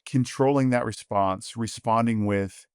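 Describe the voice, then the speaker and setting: A man's voice: mid-range voice, measured pace, smooth, dry recording, studio quality. A man hosting a podcast, talking casually and enthusiastically, full of fillers and "you know" asides. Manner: acts out quoted dialogue in animated voices. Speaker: podcast host.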